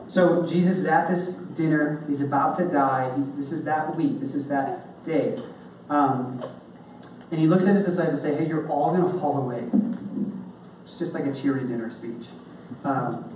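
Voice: mid-range voice, warm tone. Casual preacher talking it through, big echoey room, mic kinda far off, a little background hiss. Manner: casual, checks in with the listeners by asking "okay?". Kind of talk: conversational sermon. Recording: echoey hall, from a distance.

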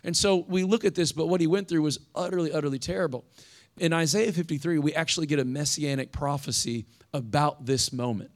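A man's voice: a little high, brisk. A young adult man, a pastor giving a conversational sermon and reading scripture aloud. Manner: conversational preaching, reads scripture aloud with rising intensity.

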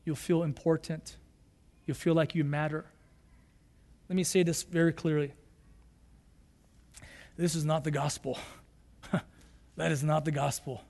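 High-voiced earnest male pastor preaching. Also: flat delivery, a little slow, vocal fry, pauses often. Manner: earnest, rising to fervent emphasis and shouts. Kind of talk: sermon. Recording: long hall reverb.

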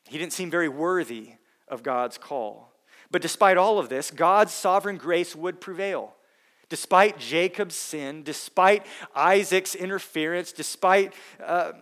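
A man preaching a sermon, emphatic, dropping his voice soft on key words. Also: fairly high pitch. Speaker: pastor.

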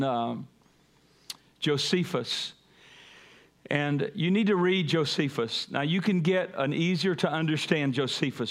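A pastor preaching a sermon, calling on the congregation to repeat after him and building to emphatic peaks. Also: male voice, on the high side. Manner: call-and-response preaching, rising to emphatic peaks.

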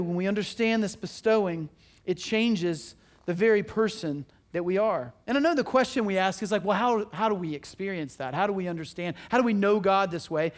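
A man preaching a sermon as pastor, earnest and conversational, asking his listeners questions and restarting his sentences often. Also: sits high.

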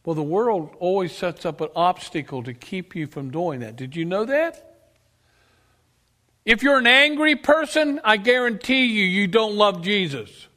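A male preacher delivering an emphatic sermon, asking his congregation questions and swinging between loud declarations and quiet asides. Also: sits high, lively intonation, a little slow. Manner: emphatic, rises and drops sharply, asks the congregation questions. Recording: long reverb of a church hall.

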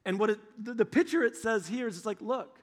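Middle-aged male pastor, earnest, storytelling sermon, voice a touch high. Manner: earnest, storytelling, reads scripture slowly. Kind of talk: sermon with scripture reading.

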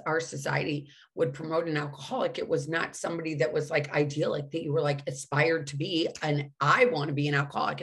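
A middle-aged woman with a slightly low voice tells her own story in a candid monologue. She talks frankly and with feeling, swears now and then, and pokes fun at herself. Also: a bit bright. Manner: frank and emotional, with swearing and self-mockery; says she cannot sing. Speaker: recovering alcoholic sharing her story.

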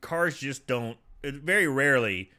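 Man with a lively, bright voice. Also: mid-range voice, unhurried. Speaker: podcast co-host. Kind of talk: casual chat.

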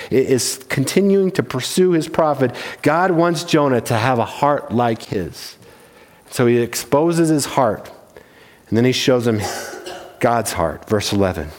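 Earnest preaching man in a reverberant hall. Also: mid-range voice. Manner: earnest, emphatic preaching with repeated restarts. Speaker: pastor. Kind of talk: sermon.

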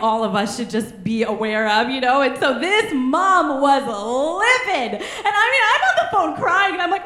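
A woman's voice: sits high, a bit bright. A woman preaching a sermon, telling stories animatedly with frequent laughter. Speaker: pastor. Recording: echoey room.

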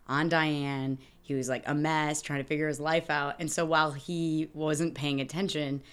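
Young female co-host, lowish pitch, lively casual chat, salty language. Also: moderate pace, clean tone. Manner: animated, swearing, acts out movie characters. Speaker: podcast co-host.

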